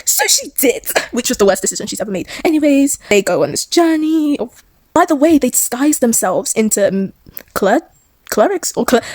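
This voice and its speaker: High, lively young woman recapping a story. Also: no room sound. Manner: chatty, rambling, giggly, acts out characters' lines. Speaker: recap vlogger.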